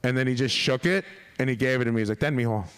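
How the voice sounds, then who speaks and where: A man's voice: mid-range voice, very fast, a bit bright, clean tone. A man telling a long, rambling story as a podcast guest, swearing constantly and laughing along. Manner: profane, rambling, laughs through his stories. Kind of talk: casual storytelling.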